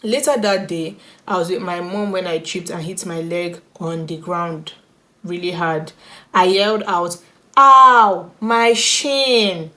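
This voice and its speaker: A woman's voice: lowish voice, steady tone, measured pace. Bubbly woman vlogging. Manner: bubbly, chatty, laughs often, reads aloud. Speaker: YouTuber. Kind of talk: reaction storytime vlog.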